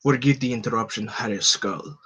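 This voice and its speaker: A man's voice: a bit bright, breathy edge, lo-fi sound. A man reading a cold, scheming general. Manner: measured, lowered reading voice. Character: scheming older male general, cold and calculating. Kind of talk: comic book live read.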